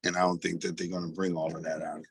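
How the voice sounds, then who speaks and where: Lowish-voiced man, halting and hesitant. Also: level tone, creaky, slightly rough, dry recording. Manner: hesitant, halting with many fillers. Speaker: co-host.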